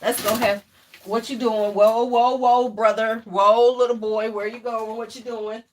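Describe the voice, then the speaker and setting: A woman's voice: a little high, flat delivery, a little slow. A middle-aged woman hosting a casual home livestream, blunt and joking, swearing freely, then cooing over a toddler. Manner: coos and fusses over a toddler. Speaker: livestream host. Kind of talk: casual live chat with viewers.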